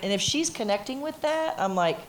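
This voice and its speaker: A woman's voice: high-pitched, fairly quick. A middle-aged woman, a singer telling stories emphatically on a conference panel, acting out quotes. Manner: emphatic, animated storyteller who acts out quotes. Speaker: interviewee, singer. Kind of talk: candid conversation on a panel. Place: conference stage before an audience.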